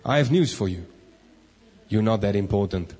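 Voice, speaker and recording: A man preaches in a church, slipping into the inner voices of the people he describes. His voice is husky, and it rings with the long reverb of a large hall. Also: fairly low pitch, moderate pace. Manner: animated, acts out inner voices. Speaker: pastor. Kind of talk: sermon.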